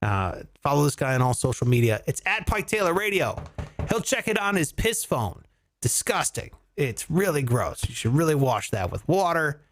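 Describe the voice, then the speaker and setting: A man hosting a comedy podcast, chatting casually, swearing and joking with animated energy. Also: a little high, normal speed. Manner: animated, swearing, mock voices for jokes.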